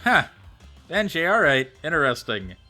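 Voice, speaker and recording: Bright, chatty male streamer. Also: fairly high pitch, sing-song, moderate pace, faint music behind. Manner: chatty, thinks aloud, reads out and answers chat. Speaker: live streamer. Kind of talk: casual chat with viewers while gaming.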